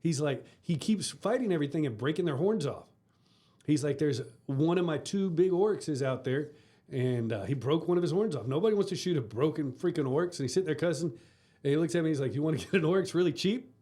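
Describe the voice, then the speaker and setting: A man's voice: fairly high pitch, animated, a little fast, mellow. A man, co-hosting a casual podcast and telling rambling hunting stories, laughing often. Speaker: podcast co-host. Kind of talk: casual chat.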